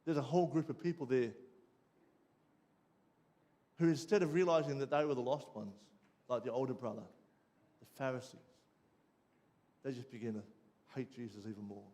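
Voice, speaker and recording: An Australian man preaching, telling a personal story with lively ups and downs before dropping quiet and low for the lesson. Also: moderate pace, long pauses. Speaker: pastor. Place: church.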